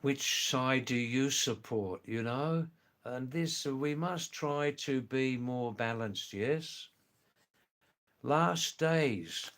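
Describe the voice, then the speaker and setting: An older retired man from England and Australia, hosting a live stream, reading viewer comments aloud in a slow, gentle, repetitive way. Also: medium pitch. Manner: slow, gentle and repetitive, often says "you know" and "yes".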